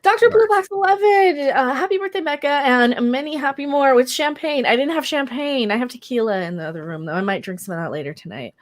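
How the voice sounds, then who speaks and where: A woman's voice: high voice, fairly quick, hardly any pauses, dry recording, studio quality. A woman hosting her birthday livestream, reading out super chats in a rambling, giggly, easily sidetracked way while stoned. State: tipsy and stoned.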